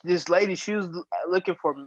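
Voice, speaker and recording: A young man co-hosting a podcast, telling a story in a halting, giggly way with many fillers. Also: high voice, fairly even intonation, no room sound, muffled recording. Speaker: podcast co-host. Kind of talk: casual chat.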